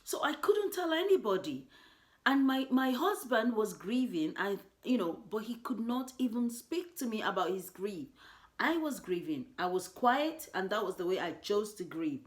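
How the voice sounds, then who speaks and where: A woman's voice: mid-range voice, very animated, moderate pace. A woman from Nigeria, a mother telling a personal story in an earnest, emotional way, with many "you know" asides.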